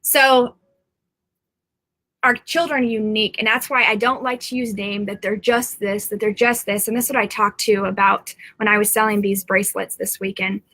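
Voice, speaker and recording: A middle-aged woman talks straight to her viewers in a loose, rambling live stream from home. Her voice is bright and sharp, and it sits dry and close with almost no room sound. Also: medium pitch, steady tone, moderate pace, no echo. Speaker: psychic medium.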